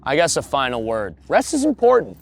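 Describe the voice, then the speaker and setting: A man's voice: on the high side, wildly swooping pitch, a little fast, vocal fry. A young man hosting his own podcast alone, chatting casually about tour dates and self-care with crude jokes. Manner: laid-back, crude jokes, bursts into loud mock-announcer parody. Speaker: podcast host. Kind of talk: casual solo podcast chat.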